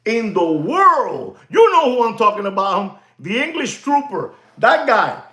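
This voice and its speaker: High-voiced man rambling on a livestream. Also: very animated, normal speed, reverberant. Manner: rambling and repetitive, addresses "ladies and gentlemen", drops Spanish phrases. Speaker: watch market livestream host. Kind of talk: casual livestream monologue.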